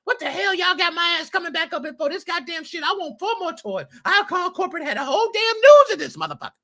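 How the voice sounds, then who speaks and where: A man putting on a loud cussing angry mom. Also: lively intonation, fast talker, heavily acted. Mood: furious. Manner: shouting, cursing, high-pitched. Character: loud fed-up older mother, brash and profane.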